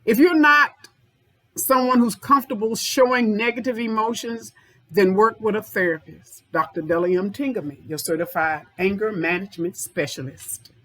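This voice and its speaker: A woman's voice: mid-range voice, moderate pace, fairly bright tone, poor audio. A woman anger management therapist giving an informal self-help talk, speaking directly to viewers and repeating points for emphasis.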